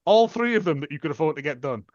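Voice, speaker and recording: A man co-hosting a podcast in casual, sweary chat, animated and prone to quoting people in exaggerated voices. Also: fairly high pitch, quick pace, no echo, highs cut off. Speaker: podcast co-host.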